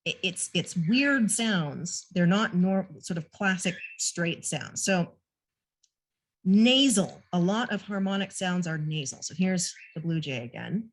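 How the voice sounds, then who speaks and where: Casual female presenter, relaxed and self-deprecating, talking to trainees over a video call. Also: fairly low pitch, measured pace, few pauses. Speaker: naturalist presenter. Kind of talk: online training talk. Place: home room with a pet bird nearby.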